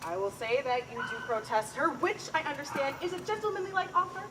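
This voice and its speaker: A woman's voice: high-pitched, fast, reverberant, long reverb tail, background noise. A woman acting the part of a chatty, complaining older nurse in a live Shakespeare performance. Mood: teasing. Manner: theatrical, lively, groaning complaints. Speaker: stage actor.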